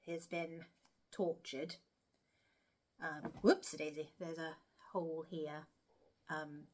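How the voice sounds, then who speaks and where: A woman's voice: fairly low pitch, sharp tone. Chatty woman crochet vlogger. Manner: chatty, rambling, self-deprecating, with frequent laughs and asides. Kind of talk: casual chat to camera.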